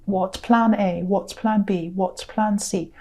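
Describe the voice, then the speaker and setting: A woman giving a casual spoken tarot reading, chatty and rambling with many ums and restarts, offering gentle reassuring advice. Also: mid-range voice, steady tone, slow. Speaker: tarot reader.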